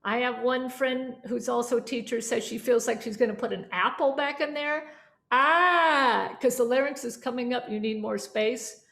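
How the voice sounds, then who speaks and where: A woman teaches a voice lesson, coaching students through exercises and demonstrating sounds aloud. Her voice is a little high and gravelly, with a steady tone at normal speed. The room is echoey, and an instrument can be faintly heard.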